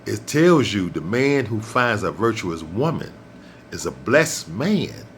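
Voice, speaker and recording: A man delivers a blunt, profane rant straight to his listeners. He lectures like a preacher and hammers points home by repeating them. His pitch swings widely, and a faint rumble sits under the recording. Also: very animated, slow, fairly bright tone. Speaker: host. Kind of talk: ranting monologue to camera.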